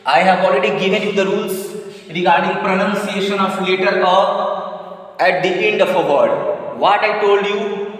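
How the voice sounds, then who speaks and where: Casting: man with a high voice, language teacher, deliberate and repetitive delivery, heavy room echo. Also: fairly even intonation, fairly bright tone. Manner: slow, repetitive explaining, restating each point. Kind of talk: classroom-style language lesson. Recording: very echoey room with long reverb.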